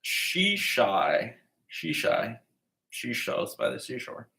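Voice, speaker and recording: A man's voice: medium pitch, wildly swooping pitch, slow pace, vocal fry, sharp tone, roomy sound, rough recording. Joking man stumbling through scripture. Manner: stumbles over names, jokey asides, swears. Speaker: bible reading podcaster. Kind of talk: casual comedic bible reading.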